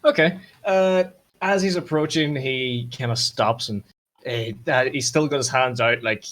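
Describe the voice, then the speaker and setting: A man acting as game master, narrating a tabletop role-playing scene, often pausing and restarting. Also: medium pitch, a bit bright, slight background noise. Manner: hesitant, lots of fillers and restarts.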